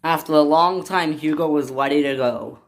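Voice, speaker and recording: A woman's voice: sits low, moderate pace, background noise. A woman narrating a toy train story in a plain storytelling way.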